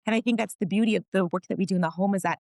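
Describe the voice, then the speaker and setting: A woman's voice: medium pitch, rapid-fire, a little mellow, no echo. A woman guest on a podcast, a mother of four, telling her story candidly and earnestly, laughing often and restarting sentences.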